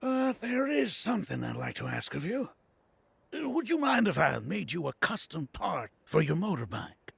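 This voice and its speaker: An actor playing an excitable older male mechanic and former street racer in a video game. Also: sits high, moderate pace, no echo, full character voice. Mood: helpful. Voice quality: gravelly, husky. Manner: bursts into shouting excitement and laughter.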